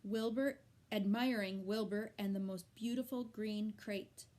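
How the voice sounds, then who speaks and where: A woman reading a children's novel aloud with slow, deliberate narration. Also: medium pitch, fairly even intonation, a little mellow. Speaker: reader.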